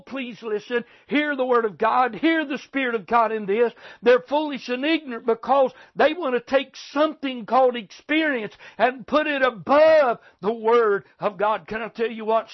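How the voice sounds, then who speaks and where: A man preaching a sermon, fervent and repetitive, calling out "listen, friend.". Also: extremely high pitch. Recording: dull lo-fi recording.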